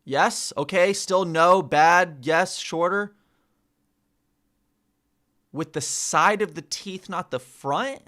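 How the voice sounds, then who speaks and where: Speaking slowly with frequent pauses, a man with a high, bright and forceful voice works on his pronunciation for a casual vlog. As a language learner, he keeps repeating words and ridicules his own tries.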